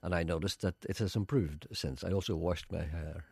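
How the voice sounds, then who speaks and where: Dry radio presenter, deep. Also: male voice, fairly even intonation, brisk, creaky, a little mellow, slightly rough. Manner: dry, self-mocking, reads listener letters aloud. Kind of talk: wry radio chat with comic readings. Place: radio studio.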